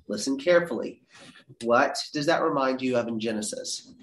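A man teaching a Bible class, reading verses aloud with dramatic leaps in pitch. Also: normal speed. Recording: roomy echo.

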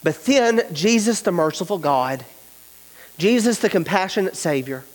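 Male pastor, high voice, earnest emphatic sermon delivery, long church reverb. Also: expressive, moderate pace.

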